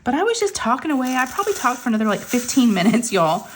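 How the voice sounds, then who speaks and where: A woman's voice: on the high side, very animated, fast talker, slight background noise. A woman, chatting casually to viewers and telling stories with lots of fillers. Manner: chatty storytelling with many fillers. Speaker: crafting vlogger. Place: home craft table. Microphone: phone camera.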